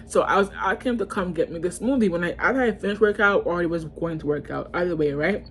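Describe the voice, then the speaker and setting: A woman's voice: fairly low pitch, quick pace, a little hiss or hum. A young woman vlogger telling a storytime, ranting heatedly with lots of cursing and repetition. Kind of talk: storytime rant.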